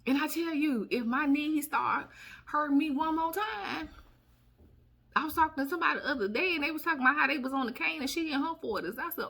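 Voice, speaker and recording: A woman, chatting casually to camera as a vlogger, sassy and quick to laugh and exclaim. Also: high voice, sharp tone, slightly rough. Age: 30s.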